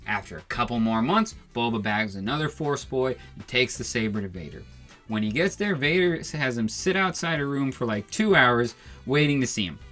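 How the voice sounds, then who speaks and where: A man narrating a comedic story in a casual, deadpan way as channel host. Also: mid-range voice, normal speed, faint music behind.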